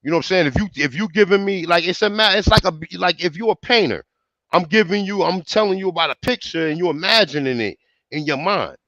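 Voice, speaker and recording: Insistent chef from Newark. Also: male voice, sits high, quick pace, fairly bright tone, dry recording, dull audio. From Newark, New Jersey. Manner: insistent, repeats himself, swears freely. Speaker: chef and call-in guest. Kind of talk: casual live-stream argument.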